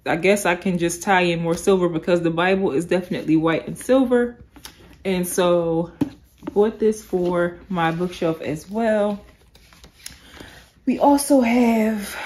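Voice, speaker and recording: Brief: woman lifestyle vlogger, lively storytelling, sleepy, casual chat to camera. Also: medium pitch. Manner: animated storytelling, addresses viewers as "y'all".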